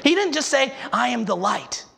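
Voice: medium pitch, sing-song, moderate pace, vocal fry, fairly bright tone, slightly rough. A preacher giving an emphatic sermon, asking the listeners rhetorical questions and sometimes restarting words.

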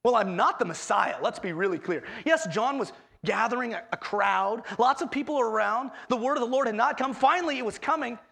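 A man preaching a sermon as pastor, expressive, acting out quoted voices with swings in pitch. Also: a little fast, creaky.

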